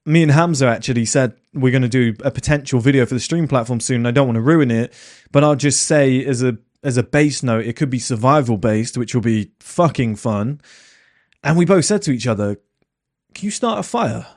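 A man with a middle-pitched voice talks straight to his listeners in a loose, casual monologue. He is blunt and plain-spoken, and he keeps throwing rhetorical questions at the audience. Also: a little fast, a little mellow.

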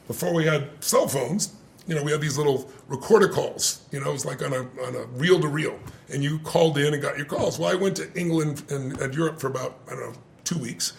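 An older man telling a story in conversation, animated, swearing casually and laughing often. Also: on the high side, vocal fry.

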